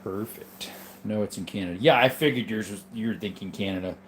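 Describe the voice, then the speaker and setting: Speaking briskly in a fairly low voice over slight background noise, a man hosts a casual livestream. He's drowsy and keeps yawning as he reads chat and responds in an easygoing ramble, often saying um and wandering into asides.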